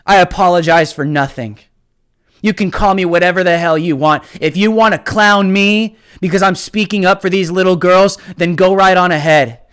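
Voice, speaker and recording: A man hosting a live stream, ranting about politics with heated passion, often shouting and taunting his viewers. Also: high voice. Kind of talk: political commentary rant.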